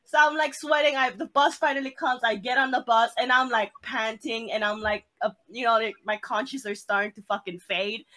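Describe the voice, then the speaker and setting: A woman's voice: fairly high pitch, steady tone, fairly quick, hardly any pauses, pushed and bright, rough recording. A woman co-hosting a podcast, telling a story in casual chat, swearing often and laughing along. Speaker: podcast co-host.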